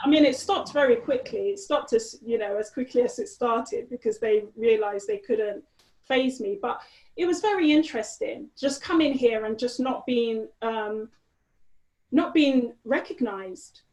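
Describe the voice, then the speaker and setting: Animated woman in an echoey room. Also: fairly high pitch, measured pace. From Nigeria. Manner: animated storytelling with frequent "you know". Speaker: guest. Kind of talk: conversational interview.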